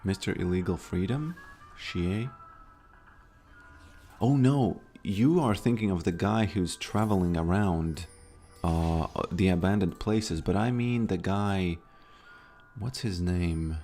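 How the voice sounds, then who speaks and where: A man's voice: low-pitched, slow, dark tone, faint music behind. A man chatting casually on a live stream, rambling and hesitant with many restarts.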